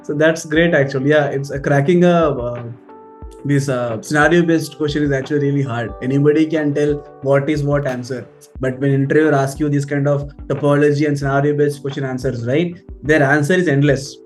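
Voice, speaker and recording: A man's voice: fairly high pitch, fairly even intonation, brisk, soft background music. A man with an Indian English accent, a trainer interviewing his former student in a chatty way, often repeating himself. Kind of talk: casual interview.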